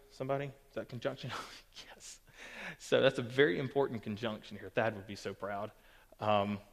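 A man teaching a youth group Bible lesson in a casual, teasing way. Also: medium pitch. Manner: casual, teasing and joking with listeners. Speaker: youth pastor. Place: church hall. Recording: long reverb of a church hall.

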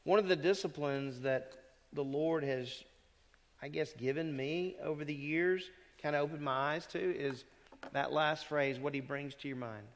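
Male pastor, fairly high voice, chatty preaching style, church reverb. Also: a little slow. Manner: conversational preaching, asks the congregation questions. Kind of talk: sermon. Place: church sanctuary.

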